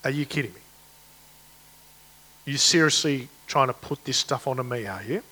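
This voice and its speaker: A man's voice: fairly high pitch, animated, slow pace, fairly bright tone, full character voice. A man voicing a weary, exasperated male God who challenges his people with sarcastic questions.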